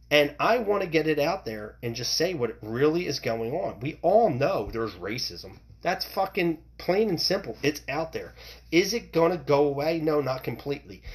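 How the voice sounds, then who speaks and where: A man hosting his own podcast, talking bluntly and rambling, with frequent swearing. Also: mid-range voice. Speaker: podcast host. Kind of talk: opinionated solo podcast rant.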